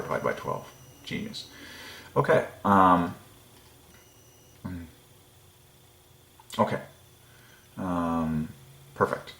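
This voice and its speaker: A man's voice: deep voice, vocal fry, a bit bright, reverberant. A man giving a casual devotional lecture as a video host, marvelling and laughing often, with repeated okays. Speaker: religious numerology video host.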